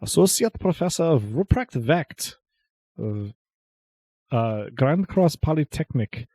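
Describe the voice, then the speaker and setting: Guy putting on a snooty professor voice, higher than his own, condescending. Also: lively intonation, takes it slowly, warm tone, no echo, exaggerated voice. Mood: haughty. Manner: clipped, condescending. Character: prim haughty male professor, entitled.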